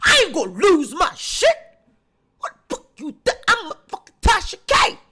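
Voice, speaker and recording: A woman voicing a panicked, furious female blogger who yells and swears. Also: very high voice, wildly swooping pitch, normal speed, pitched above the performer's own voice, exaggerated voice. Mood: ranting. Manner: yelling, profane rants.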